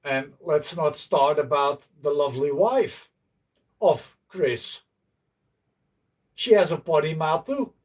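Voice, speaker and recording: Blunt, slow-talking man livestreaming. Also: on the high side, distant mic. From Netherlands. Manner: blunt, joking, swears freely. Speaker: livestreaming host. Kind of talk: casual livestream chat with viewers. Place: outdoors by a canal.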